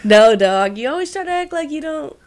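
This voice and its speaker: A man's voice: very high voice, animated, fairly quick. Male podcast co-host, dry sarcastic ribbing, heavy swearing, stoned, laid-back. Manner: teasing, dry, profane banter. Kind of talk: casual chat.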